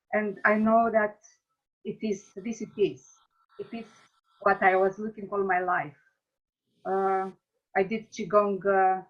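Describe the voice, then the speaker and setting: A woman from Romania gives an emotional testimonial over a video call, halting and searching for her English words. Her audio is a little dull and muffled. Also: medium pitch. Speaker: class participant.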